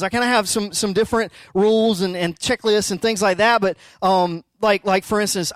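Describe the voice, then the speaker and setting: A man in his thirties preaching a casual sermon as pastor, talking in halting restarts with joking asides. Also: high-pitched, fairly bright tone, no echo. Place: darkened church auditorium.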